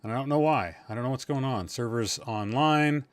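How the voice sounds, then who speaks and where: A man's voice: mid-range voice, moderate pace, clear, resonant tone, no room sound. A man hosting a casual gaming stream, rambling and joking in a self-deprecating way, swearing now and then, tired and a bit loopy. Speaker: podcast host. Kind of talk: casual gaming livestream chat.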